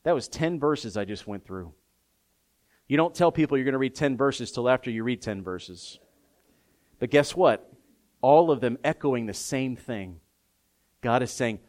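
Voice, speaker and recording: A man's voice: mid-range voice, animated, measured pace, pauses often. Impassioned preacher man with big dynamics. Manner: builds from soft, intimate tones to loud, impassioned emphasis; openly emotional and personal. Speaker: pastor. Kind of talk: sermon. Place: room with a live congregation.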